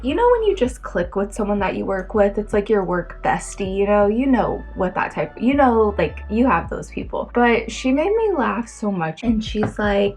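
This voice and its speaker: A woman's voice: medium pitch, very animated, moderate pace, darkish tone, soft background music. Give me a chatty young woman vlogging. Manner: rambling, talkative, lots of fillers. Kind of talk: casual chatty vlog. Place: her bedroom, indoors.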